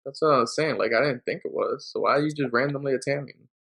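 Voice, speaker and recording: A man's voice: medium pitch, quick pace, gravelly, a bit bright. A man co-hosting a sports podcast, laid-back, laughing often and using profane slang. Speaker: podcast co-host. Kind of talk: casual sports podcast chat.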